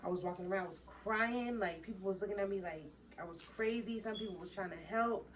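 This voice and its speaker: A woman's voice: mid-range voice, a little fast. A young woman vlogger tells a heated, rambling, profane story in a casual way. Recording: distant mic with faint background noise.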